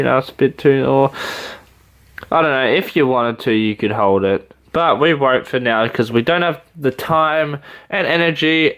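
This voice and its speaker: Rambling, excitable Australian man. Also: mid-range voice, clean tone. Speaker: toy reviewer. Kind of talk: casual figure review.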